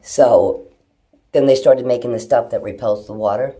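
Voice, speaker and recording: A woman's voice: rumbling low, normal speed, warm tone, slightly rough. Rambling, foul-mouthed middle-aged woman. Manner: rambling, swears freely, talks to her pets. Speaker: vlogger. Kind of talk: casual rambling chat to camera. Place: at home, indoors. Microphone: phone held in hand.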